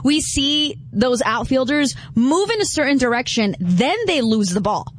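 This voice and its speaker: A woman co-hosting a sports talk radio show. She chats and banters with quick back-and-forth replies. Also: high-pitched, expressive.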